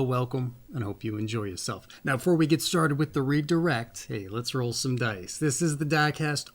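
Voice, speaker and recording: Folksy, rambling man hosting a reading. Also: mid-range voice. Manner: rambling, folksy, often says "that's right"; playful, jokey asides. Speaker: host of a birthday reading channel. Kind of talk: casual monologue and reading aloud from a book.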